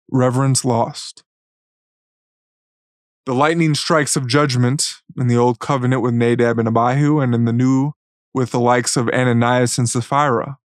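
A man giving a solemn, measured devotional reading in an earnest tone. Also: medium pitch, no room sound, studio quality. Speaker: Christian writer.

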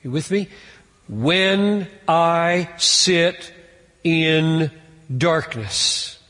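A man preaching a sermon in an earnest way, rising in pitch and force on key points. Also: drawn-out words, fairly bright tone, in a large hall. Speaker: pastor.

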